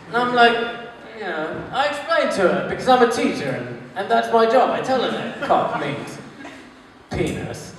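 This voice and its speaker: A man's voice: high-pitched, sing-song, moderate pace, fairly bright tone, slight background noise. A young man doing a crude, bawdy stand-up routine and chuckling at his own jokes, recorded live before an audience. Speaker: stand-up comedian. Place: comedy venue with audience. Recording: distant echoey hall with audience. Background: audience laughter.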